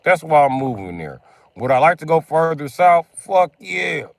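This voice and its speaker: A man's voice: on the high side, sing-song, moderate pace, a little mellow, no room sound. A man streaming gameplay, chatting casually and rambling with lots of profanity. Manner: profane, rambling, tosses in "you know what I mean".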